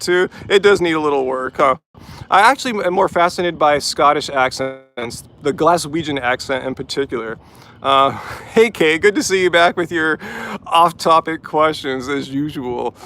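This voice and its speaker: The voice is a man's, fairly high and fairly bright in tone. As host of a live stream, he takes chat questions from a vehicle after his run, easygoing and talkative, with heavy use of "like" and "um."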